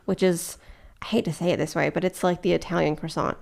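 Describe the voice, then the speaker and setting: A young woman co-hosting a casual chat, easygoing and quick to laugh. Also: on the low side, steady tone, vocal fry, darkish tone. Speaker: podcast co-host.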